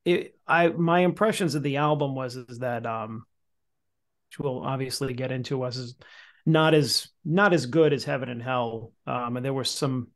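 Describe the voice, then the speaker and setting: A man's voice: medium pitch, normal speed. A man co-hosting a podcast, speaking casually and hesitantly with many ums. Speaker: podcast co-host.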